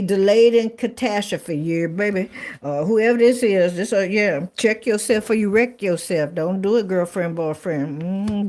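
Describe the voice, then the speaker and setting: A woman's voice: on the low side, a little mellow. A woman giving a casual tarot reading to viewers, chatty and blunt. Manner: chatty, blunt, swears, colloquial, repeats phrases. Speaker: tarot reader.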